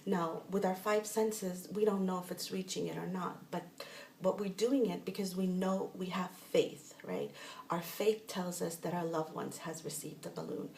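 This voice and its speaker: A spiritual teacher with a lowish, slightly mellow voice and some vocal fry talks through a spiritual practice at normal speed with fairly even intonation. Her casual, rambling instruction often restarts mid-sentence. She sounds distant from the mic, in a roomy echo with faint noise.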